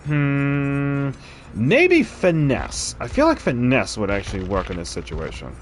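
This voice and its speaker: A man's voice: mid-range voice, huge pitch swings, a little slow, a little hiss or hum. A man streaming a game, chatting casually and thinking aloud about his choices between frequent laughs. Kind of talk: casual gameplay commentary.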